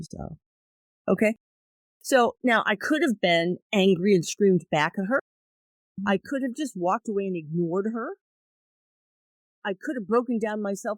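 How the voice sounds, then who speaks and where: A woman guest on a podcast, telling personal stories in an animated way and acting out her own thoughts. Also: medium pitch, moderate pace, pauses often, dry recording, poor audio. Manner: animated, acts out quoted thoughts. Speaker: guest therapist. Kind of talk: conversational storytelling.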